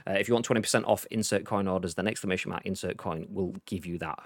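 A man's voice: sits low, quick pace, no room sound, clean studio sound. A man hosting a casual live-stream show, chatting loosely and reading out messages from the chat. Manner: chatty, rambling, reads chat messages aloud. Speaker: livestream show host.

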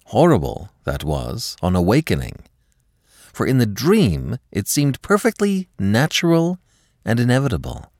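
A man hosting a podcast, narrating a classic story in an expressive, dramatic storytelling manner. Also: on the low side, no echo, studio quality. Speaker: podcast host and reader.

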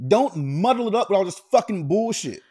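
A man's voice: high voice, expressive, fairly quick, a little mellow. A man co-hosting a podcast, telling stories in a laid-back, profane casual way. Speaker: podcast co-host. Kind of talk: casual chat, storytelling.

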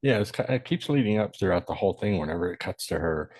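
A man's voice: low-pitched, expressive, quick pace, darkish tone, dry recording. A man co-hosting a podcast, chiming in on a movie discussion and building on the other host's points. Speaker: podcast co-host. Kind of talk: casual movie chat.

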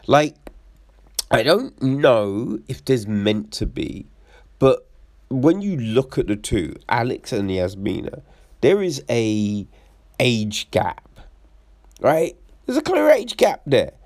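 A man giving casual commentary as a reviewer, swearing and acting out quoted lines in an animated way. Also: mid-range voice, takes it slowly, long pauses, no echo, studio quality.

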